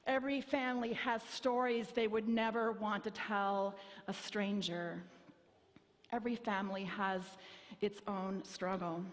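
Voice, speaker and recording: A woman pastor in her fifties delivers a sermon with a slightly high voice. She tells stories in a wry, self-mocking way and acts out voices. The sound carries a long reverb from the church hall. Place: church sanctuary.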